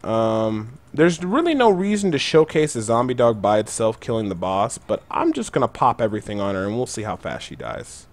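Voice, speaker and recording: A man's voice: medium pitch, animated, moderate pace, few pauses. A young man giving casual, chatty gameplay tutorial commentary, loose with fillers and gamer slang. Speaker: gaming channel host.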